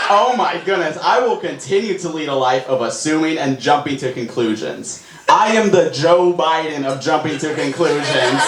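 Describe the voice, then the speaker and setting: Young man doing excitable stand-up. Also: fairly high pitch. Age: young adult. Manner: excitable, self-mocking. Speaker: stand-up comedian. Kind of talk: stand-up routine. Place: comedy club stage. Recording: echoey live room, audience noise. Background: audience laughter.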